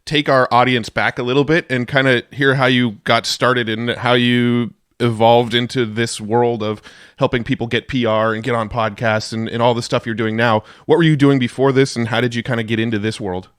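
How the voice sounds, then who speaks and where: A man hosting a podcast in casual chat, upbeat and salesy when he pitches. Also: flat delivery, a little fast, a bit bright, clear, resonant tone. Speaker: podcast host.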